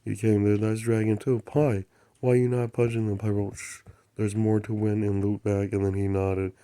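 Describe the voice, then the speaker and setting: A man's voice: on the low side, level tone, moderate pace, clean tone. A man hosting his own channel, telling a rambling spiritual story in broken grammar and repeating affirmations like a chant. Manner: drops to soft unvoiced murmurs at times. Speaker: channel host.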